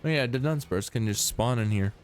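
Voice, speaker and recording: A man's voice: mid-range voice, fairly quick, soft background music. A man casually commenting on his gameplay as a streamer, laid-back, swearing and talking to his chat.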